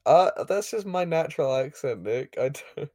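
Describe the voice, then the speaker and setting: A man chats through a recap on a podcast, rambling with fillers and frequent laughter. His voice sits a bit high. The sound is dry and close, with no room around it. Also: expressive, measured pace, dark tone, no echo. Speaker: podcast co-host recapping an episode. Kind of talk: casual chat.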